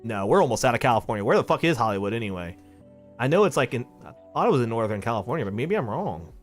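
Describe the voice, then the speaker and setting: A man with a mid-range voice rambles at a racing, very animated pace while gaming on a live stream, thinking aloud and swearing freely. Music plays clearly in the background.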